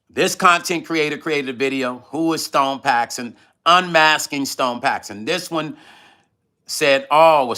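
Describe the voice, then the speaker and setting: Bright-voiced man chatting on a livestream. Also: medium pitch. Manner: loose, conversational, repeats himself when emotional. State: eating while talking. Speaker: livestream vlog host. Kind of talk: casual livestream chat reading viewer comments.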